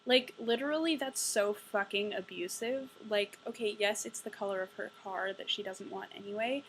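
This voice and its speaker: A woman's voice: mid-range voice, normal speed, fairly bright tone, a little hiss or hum, poor audio. A young woman giving a casual ranting book review, exasperated, sarcastic and profane. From United States.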